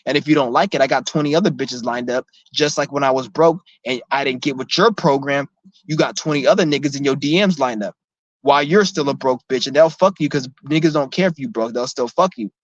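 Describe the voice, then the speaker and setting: In a mid-range voice and at a fairly quick pace, a vlogger rants angrily to camera, blunt, profane and confrontational. He keeps repeating himself and restarting sentences. The audio is dull lo-fi and dry, with no echo.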